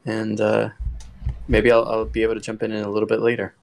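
A man's voice: on the low side, completely flat delivery, quick pace, gravelly, a little hiss or hum. A man dropping into a casual podcast, talking in a breezy, upbeat way. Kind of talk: casual chat.

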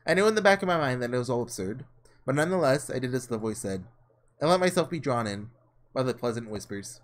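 A man hosting a game playthrough, reading the story aloud and breaking into excitable, rambling commentary. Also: mid-range voice, fast. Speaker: let's play host.

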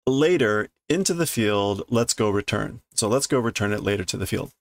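A man reading a comic aloud and translating it as he goes, thinking aloud with halting restarts and fillers. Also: lowish voice, animated, gravelly, no room sound. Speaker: Japanese learner reading a comic on stream.

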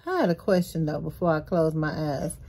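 Vlogging from her kitchen indoors, this exhausted, laid-back woman talks to the camera, addressing viewers as y'all and swearing casually. Her voice is deep and warm, and she speaks briskly despite her sleepiness. The room is echoey with background noise.

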